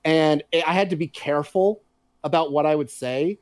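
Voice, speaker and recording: A man chatting casually on a podcast, telling animated, profanity-laced stories. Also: fairly high pitch, normal speed, no echo. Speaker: podcast co-host. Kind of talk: casual chat.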